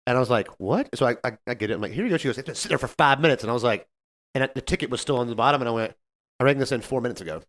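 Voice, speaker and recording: Fast, animated man telling a story. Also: mid-range voice. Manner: animated, acts out customer quotes. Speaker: podcast co-host, server. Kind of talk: casual storytelling chat.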